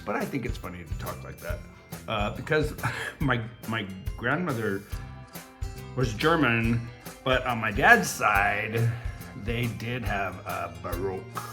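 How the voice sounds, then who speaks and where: Slow, rambling man chatting over crafts. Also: medium pitch, pushed and bright. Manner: rambling and chatty, many fillers. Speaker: crafting channel host. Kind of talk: casual crafting tutorial vlog.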